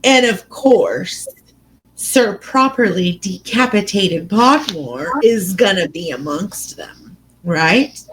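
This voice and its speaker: A woman's voice: mid-range voice, animated, takes it slowly, crowd noise, rough recording. A woman co-hosting a casual book podcast, retelling scenes with lots of animation and little voices for the characters. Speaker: podcast co-host.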